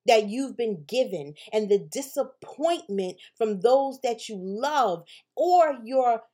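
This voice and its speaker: A woman's voice: mid-range voice, darkish tone. A woman hosting a podcast, telling a personal story in a candid, conversational way, swearing casually and often asking "right?". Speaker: podcast host.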